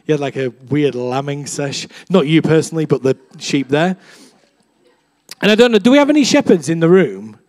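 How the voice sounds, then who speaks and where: Man, young, relaxed sermon full of stories; high voice that swoops a lot. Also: brisk. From England. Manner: chatty, self-deprecating, acts out quoted voices with big swings. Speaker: preacher. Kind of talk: casual sermon with storytelling.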